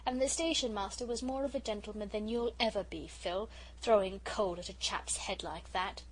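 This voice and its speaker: A woman's voice: mid-range voice, normal speed, natural voice, low-quality recording. A woman reading an audiobook, voicing a proud young boy who talks in an off-hand, impatient way.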